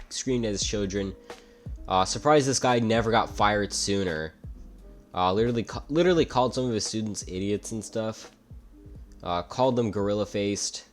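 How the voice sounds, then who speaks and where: A young man telling a story in casual commentary, rambling, with frequent uhs and restarts. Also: lowish voice. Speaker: YouTube commentator.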